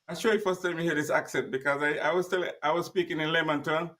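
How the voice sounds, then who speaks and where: Emphatic man, fairly high voice, far mic. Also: steady tone, brisk, fairly bright tone. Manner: emphatic, plain-spoken storyteller acting out dialogue. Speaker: guest. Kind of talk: personal storytelling.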